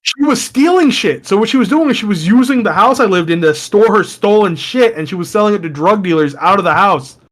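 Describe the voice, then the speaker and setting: This young man has a high voice for a guy. He tells rough, profane stories in a casual podcast chat, and his voice leaps up whenever he acts out what someone said. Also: fast talker, hardly any pauses. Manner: profane, animated storytelling that jumps high when quoting. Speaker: podcast co-host.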